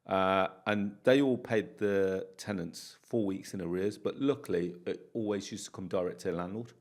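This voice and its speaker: A man's voice: low voice, normal speed. A man from the UK, a property landlord, telling stories in a casual podcast interview and acting out the dialogue. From United Kingdom. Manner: animated storyteller, acts out dialogue.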